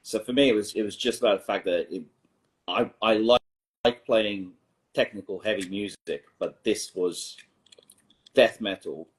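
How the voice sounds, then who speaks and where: A man musician, not a native English speaker, chatting as a guest in a dry, measured way. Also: fairly low pitch. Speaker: band member guest. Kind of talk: casual chat.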